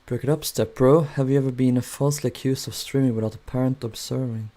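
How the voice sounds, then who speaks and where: Male streamer, 20s, warm low-key tone, casual rambling chat answering viewers. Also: steady tone, quick pace. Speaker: Minecraft streamer. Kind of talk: casual live-stream chat while building.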